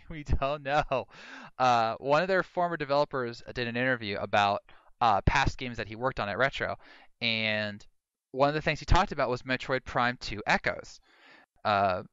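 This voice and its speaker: A man hosting a podcast in casual chat, an animated storyteller who mimics people in high voices. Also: clear, resonant tone, no room sound, dull audio. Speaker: podcast host.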